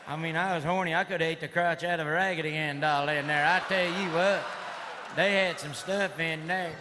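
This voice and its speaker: A middle-aged man with a Southern US accent doing a stand-up comedy routine on stage, rambling in a rowdy redneck drawl and shouting his punchlines. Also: a little high, steady tone, a little fast. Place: comedy club stage before a live audience. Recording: live hall recording with crowd noise. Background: audience laughter and crowd noise.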